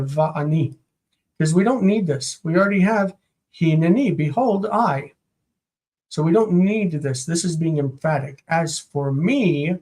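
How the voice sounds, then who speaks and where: In a medium-pitched, slightly mellow voice, a teacher leads a live-streamed Biblical Hebrew grammar lesson. They sound out Hebrew words and translate them, thinking aloud and repeating words while explaining.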